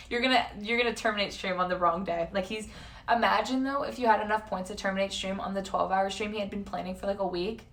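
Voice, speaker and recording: Sitting a little back from the mic, a twenty-something woman with a medium-pitched, fairly bright voice talks casually on stream. She responds to chat and lets the occasional swear slip.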